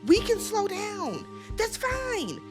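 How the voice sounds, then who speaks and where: A woman's voice: very high-pitched, huge pitch swings, slow, music in the background, voice pushed up, exaggerated voice. A woman voicing a confused young man who eagerly tries to soothe and agree. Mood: placating.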